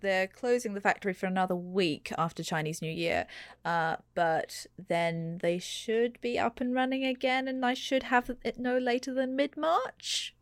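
A woman with an English accent, raised in New Zealand, speaks politely as a guest and uses mild exclamations. Her voice sits at a middling pitch. The recording sounds dry and close. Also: normal speed, no room sound. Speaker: guest illustrator. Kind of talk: casual interview chat.

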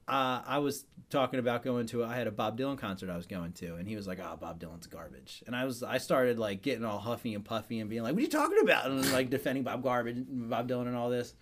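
A man in his thirties hosting a podcast, telling stories about restaurant work and driving with lively laughs. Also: mid-range voice. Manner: animated storytelling with wild laughs. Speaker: podcast host; server in restaurants. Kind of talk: casual chat.

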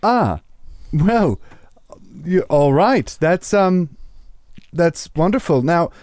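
A welcoming halfling librarian woman who keeps searching for her words, voiced by a man lifting his pitch. She is polite and eager to help. The sound is dry, with almost no room in it. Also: lively intonation, slow pace, darkish tone, no room sound. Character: cheerful halfling woman librarian, hearty artificer.

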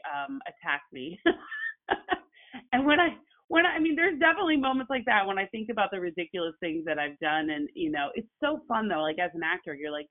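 A woman, an actress and journalist, telling her story as a guest in a casual conversation, animated and full of fillers. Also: fairly low pitch. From Oklahoma. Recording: phone-like narrow sound.

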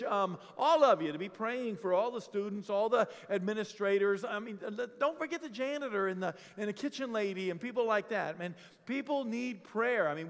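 Male senior pastor from Maine, high voice, animated and humorous sermon delivery, church with long reverb. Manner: conversational, animated storytelling with humor. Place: church sanctuary.

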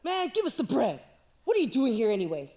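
A woman's voice: a little high, wildly swooping pitch, fairly quick, dark tone. Irritated big brothers, voiced by a woman, curt and scolding. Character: annoyed older brothers, dismissive young men.

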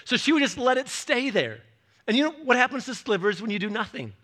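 Male pastor in his 40s, high bright voice, lively anecdote-driven sermon delivery. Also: a little fast. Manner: animated storytelling, acting out quoted voices.

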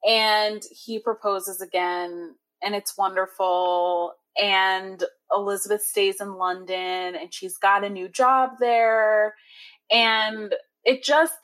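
A woman chatting on a casual podcast, full of enthusiasm as she races through plot points. Her voice is mid-pitched and conversational. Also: fairly bright tone. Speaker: podcast co-host. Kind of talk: casual chat recapping a book and movie.

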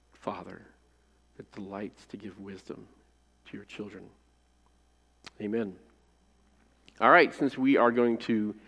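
Male pastor, mid-pitched, dynamic sermon delivery, recorded with a long church reverb. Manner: dynamic, swings from loud emphasis to hushed phrase endings. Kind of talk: sermon with scripture reading and prayer. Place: church sanctuary. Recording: long reverb of a large hall.

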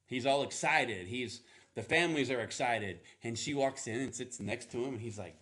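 A man preaching a sermon in a casual, animated storytelling manner, acting out playful voices. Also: medium pitch, normal speed. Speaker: pastor.

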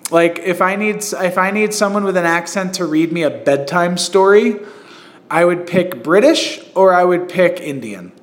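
A man's voice: high voice, moderate pace. A man hosting a podcast, telling stories in a loose, rambling way with lots of fillers, restarts and laughter. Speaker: podcast host. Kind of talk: casual chat.

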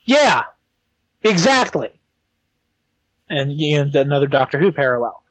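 A man's voice: a little high, big pitch swings, measured pace, dry recording, poor audio. A young man co-hosting a podcast, talking casually and hesitantly with many ums and restarts. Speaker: podcast co-host. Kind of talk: casual chat.

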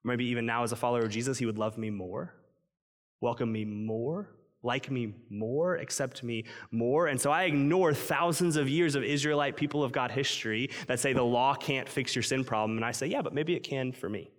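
A man's voice: mid-range voice, fairly even intonation, moderate pace. A man preaching a sermon in a casual, conversational way, acting out inner voices and peppering his speech with "like". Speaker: pastor. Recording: long hall reverb.

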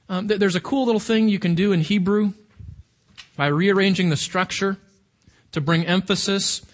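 High-voiced man preaching a sermon. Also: moderate pace. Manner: conversational, emphatic with rhetorical questions.

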